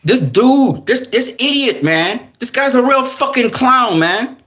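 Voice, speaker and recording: Fired-up man ranting, high and animated. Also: a little slow. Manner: angry, heated, profane ranting. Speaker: boxing commentator. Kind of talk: ranting commentary.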